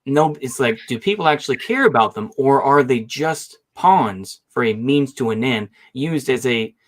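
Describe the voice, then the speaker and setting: A man's voice: mid-range voice, expressive, normal speed. A man debating as a guest in an online political debate, talking in a rambling, hesitant way and hedging often.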